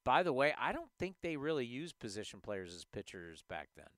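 A man's voice: mid-range voice, sing-song, fairly quick, dry recording, studio quality. A man hosting a sports podcast, ranting animatedly and hammering points by repeating them. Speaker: podcast host. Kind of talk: casual sports talk.

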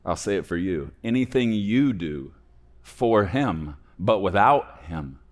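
A young man with a fairly low voice preaches a sermon. He builds to loud, emphatic peaks, then drops to quiet, hushed endings. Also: animated, takes it slowly. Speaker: pastor.

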